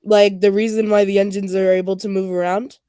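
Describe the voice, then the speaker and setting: A woman's voice: mid-range voice, flat delivery, a little fast, warm tone, clean tone, no echo. A woman in casual stream chat, rambling with lots of fillers. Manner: rambling, filler-heavy, nerdy train talk. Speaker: stream co-host.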